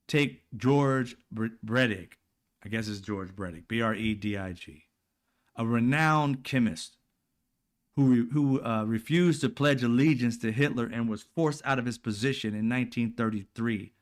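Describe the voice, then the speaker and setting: A man's voice: medium pitch, normal speed. Heated, profane man ranting. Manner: blunt, profane, heated, informal speech. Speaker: political commentary host. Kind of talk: angry casual commentary.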